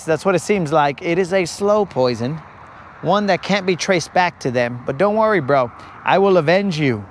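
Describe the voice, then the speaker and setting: High-voiced man joking on a fishing stream. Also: slight background noise. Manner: rambling, joking storyteller. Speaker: live-stream fishing host. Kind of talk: casual live-stream chat. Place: outdoors on a lake.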